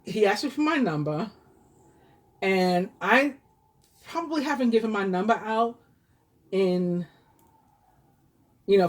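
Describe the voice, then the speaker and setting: A woman's voice: medium pitch, a little mellow. Chatty New York woman in her fifties. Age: 50s. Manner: chatty, rambling, many fillers and restarts. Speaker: tarot reader. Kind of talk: casual storytelling to viewers.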